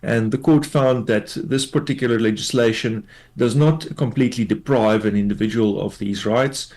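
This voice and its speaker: A man, a tax law expert, explains a court ruling in a measured way, with many fillers, in a radio news interview. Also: mid-range voice, a little mellow.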